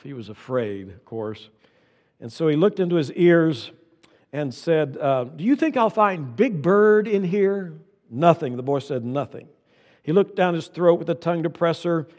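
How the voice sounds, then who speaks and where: A man's voice: a little high, a little mellow, in a large hall. An older man preaching a sermon, folksy and anecdotal, repeating key lines for emphasis. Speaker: pastor.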